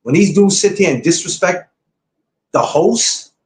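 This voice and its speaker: This podcast host has a high-pitched, animated voice that comes across a little slow and a little mellow, with some echo and faint hiss or hum. Speaking casually to his livestream viewers, he is blunt and keeps repeating himself like a lecturer.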